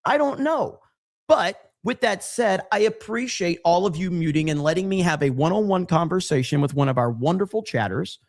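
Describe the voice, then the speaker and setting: A man's voice: high-pitched, expressive, normal speed. A man hosting a casual livestream, rambling sarcastically and reading out chat messages. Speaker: livestream host.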